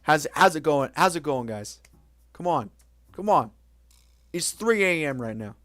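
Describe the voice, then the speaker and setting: A man's voice: fairly high pitch, lively intonation, unhurried, a bit bright, no room sound. A young man streaming late at night, chatting casually with viewers in a rambling, self-mocking way, swearing now and then.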